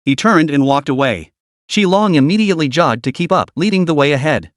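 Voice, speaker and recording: Man, story narrator, lively voice, dry close recording. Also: fairly high pitch, fairly quick, no echo.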